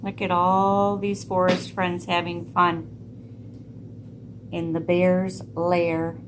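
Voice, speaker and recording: Woman reading a kids book super slowly, lowish voice, little hiss behind. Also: monotone. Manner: gentle, asks listeners questions. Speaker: storyteller. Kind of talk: reading a picture book aloud to children.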